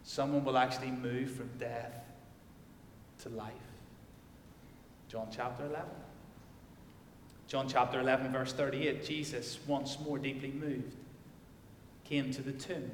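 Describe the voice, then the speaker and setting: A male pastor delivering a sermon and reading scripture, swinging from loud declarations to hushed emphasis. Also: medium pitch, fairly even intonation, a little slow, long pauses, a little hiss or hum. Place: church. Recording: echoey church hall.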